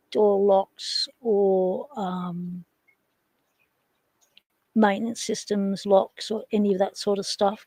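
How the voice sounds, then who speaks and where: A woman's voice: medium pitch, mellow, no echo, rough recording. An Australian woman hosting a casual livestream, rambling and chatting with viewers while she takes hardware apart. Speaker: livestream host.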